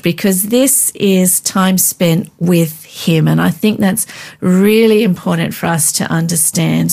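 A woman calmly teaching how to read and pray through the Bible, in an unhurried, instructive way with frequent filler sounds. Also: on the low side, creaky. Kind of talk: devotional teaching chat.

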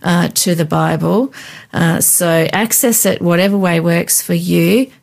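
A woman calmly teaching how to read and pray through the Bible, in an unhurried, instructive way with frequent filler sounds. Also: lowish voice, vocal fry. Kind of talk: devotional teaching chat.

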